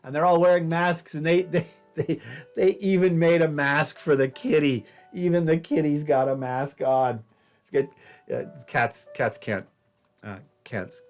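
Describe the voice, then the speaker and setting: Wry man lecturing over soft piano. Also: fairly high pitch. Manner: wry, conversational storyteller. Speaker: history professor. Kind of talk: recorded lecture. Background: faint jazz piano.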